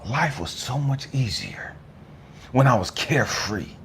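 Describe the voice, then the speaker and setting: A man giving a raw, emotional personal testimony, swinging between hushed whispers and shouts, with blunt swearing. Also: medium pitch, expressive, a little slow, slight background noise. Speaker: speaker sharing his testimony.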